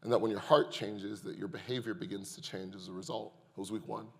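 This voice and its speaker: A man's voice: fairly low pitch, fast, vocal fry, breathy edge. A man preaching a sermon as the church's pastor, telling a humorous personal story and joking with the congregation. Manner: lively, joking storyteller who addresses the congregation. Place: church sanctuary. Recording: long hall reverb.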